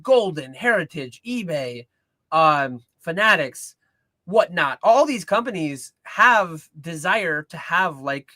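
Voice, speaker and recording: A man talks on a casual livestream, his voice bright and a little high. He circles back and restarts his sentences, explaining in earnest. The sound is close and dry. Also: no room sound. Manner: rambling with frequent restarts and "like". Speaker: co-host of a card-collecting livestream.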